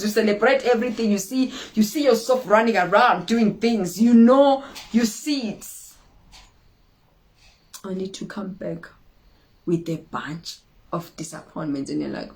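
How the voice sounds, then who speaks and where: A woman's voice: mid-range voice, animated, measured pace. A woman hosting an inspirational talk, speaking with emphatic repetition and acting out dramatic quotes. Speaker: inspirational show host.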